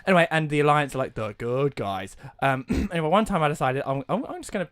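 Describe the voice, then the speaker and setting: A young man co-hosting a casual podcast, rambling and restarting as he tells gaming stories, getting loud and laughing when excited. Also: fairly high pitch, quick pace, clear, resonant tone, dry recording, clean studio sound. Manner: rambling, self-correcting storyteller who gets loud and laughing when excited. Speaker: podcast co-host. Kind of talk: casual chat. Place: home studio, dry close mic. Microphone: close podcast mic.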